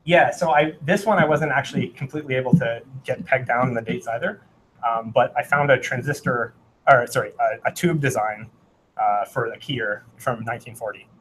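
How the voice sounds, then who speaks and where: At a meetup, a presenter with a medium-pitched, steady, fairly bright voice rambles through a hands-on tech talk at normal speed, with a live demo. He uses many fillers, corrects himself often and sings out Morse rhythms. The recording is rough, with slight background noise.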